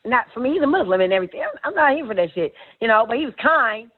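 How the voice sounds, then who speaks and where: A woman telling a story in a loose, cursing style, pitched a little high for a woman. Her voice comes through a thin, tinny line like a phone call. She keeps acting out what other people said. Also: rapid-fire. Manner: animated, profane, acts out quotes. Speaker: guest telling stories. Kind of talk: casual storytelling.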